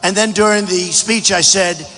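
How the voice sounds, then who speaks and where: Boastful man shouting through echoing hangar. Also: sits high, normal speed. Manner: boastful, repetitive, often shouting. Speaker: presidential candidate. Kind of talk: campaign rally speech. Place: large packed hangar. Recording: echoey hangar hall.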